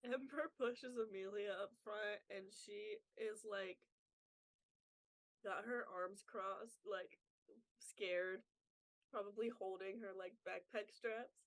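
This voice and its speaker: A woman's voice: medium pitch, fairly even intonation, slow. A woman player in a tabletop game, casually describing what her character does. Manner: casual, filler-heavy.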